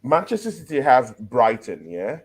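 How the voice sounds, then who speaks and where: Man, casual football chat, animated, mid pitch, checks in with "yeah?" and "right?". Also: moderate pace, breathy edge. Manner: animated, laughing, walks through his argument with "yeah?" and "right?". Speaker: football podcast co-host.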